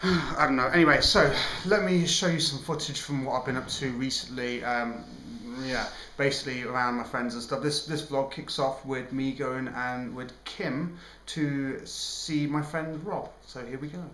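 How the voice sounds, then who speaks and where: A man's voice: medium pitch, steady tone, moderate pace, hardly any pauses, pushed and bright. A tired young man co-hosting a show, rambling cheekily through a casual home vlog with lots of ums. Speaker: vlogger, show co-host. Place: home indoors. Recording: echoey room, faint hiss.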